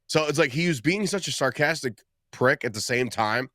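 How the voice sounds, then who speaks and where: A man's voice: mid-range voice, lively intonation, moderate pace, fairly bright tone, dry recording, studio quality. A man co-hosting a podcast in casual chat, rambling and acting out quotes in different voices. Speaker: podcast co-host.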